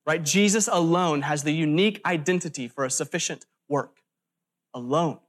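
A man's voice: a little high, fairly quick. A man preaching a sermon in an earnest, emphatic way, stressing lists of words and breaking off for brief asides. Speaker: pastor.

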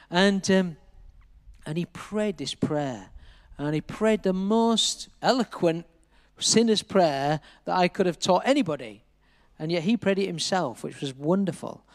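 High-voiced preacher, echoey hall. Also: male voice. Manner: storytelling, repeats words, acts out quotes. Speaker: pastor. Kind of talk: sermon testimony.

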